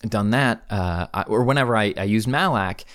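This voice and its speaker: A man's voice: on the low side, normal speed, a bit bright. A man hosting a podcast, talking earnestly and casually with frequent fillers and self-corrections. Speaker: podcast host.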